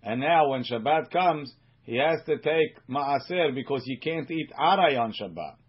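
A man teaching a Talmud class as a rabbi, reading Aramaic phrases slowly and then explaining them in quick English. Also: mid-range voice, expressive, slightly rough. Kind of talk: Talmud study lesson reading and translating. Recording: muffled lo-fi recording.

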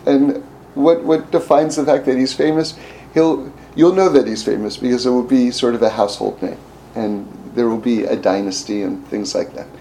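A man teaching through a story, speaking haltingly with many restarts and fillers. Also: medium pitch, warm tone, slight background noise, low-quality recording. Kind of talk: storytelling lesson.

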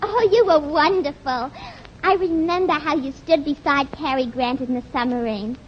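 A woman's voice: sits high, normal speed, close to an everyday voice. A woman playing a gushing, starstruck young woman in a 1940s radio comedy, swooning with admiration. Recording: dull, hissy 1940s radio broadcast.

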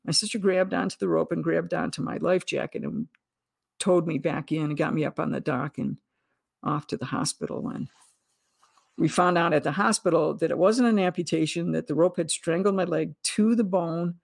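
Woman with a gravelly, dry voice. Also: fairly low pitch, normal speed, no room sound. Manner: earnest, vivid retelling with acted-out quotes. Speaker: guest. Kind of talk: personal storytelling.

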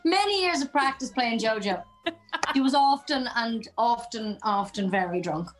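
Irish woman chatting away on a podcast, lively and gushy, bit high voice. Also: normal speed, poor audio. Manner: exuberant, chatty, storytelling. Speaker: guest actress. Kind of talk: casual interview chat.

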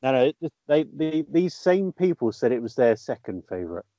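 A man's voice: medium pitch, big pitch swings, moderate pace, mellow, no room sound, lo-fi sound. A male radio presenter running a playful chat, quizzing his co-hosts.

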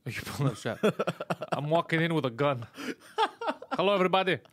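A man's voice: fairly high pitch, lively intonation, fairly quick, a bit bright. A man hosting a comedy podcast, telling a frustrating story in a profane, exasperated way with frequent laughs. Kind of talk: casual chat, storytelling.

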